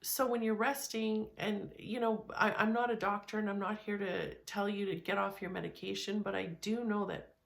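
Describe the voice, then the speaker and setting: A woman giving a frank self-help talk in a gravelly voice at a middle pitch. She speaks in a loose, conversational way, often stopping to restart or repeat a word. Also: fairly even intonation, normal speed, hardly any pauses. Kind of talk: candid motivational talk.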